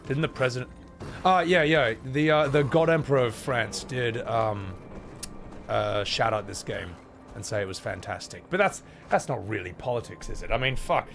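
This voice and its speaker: A man's voice: mid-range voice, moderate pace, creaky, a bit bright, soft background music. A man with an Australian accent chatting casually to his viewers while playing a video game, rambling and swearing freely. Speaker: streamer. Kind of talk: casual gaming commentary.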